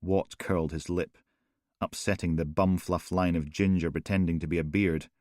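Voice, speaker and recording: A man narrating a crime thriller audiobook in a measured, grave way. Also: deep voice, steady tone, darkish tone, no echo, studio quality.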